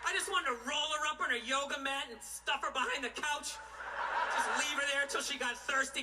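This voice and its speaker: A man's voice: very high voice, fairly quick, distant mic, over loud music. A man doing a stand-up comedy routine, ranting and exasperated, with plenty of profanity.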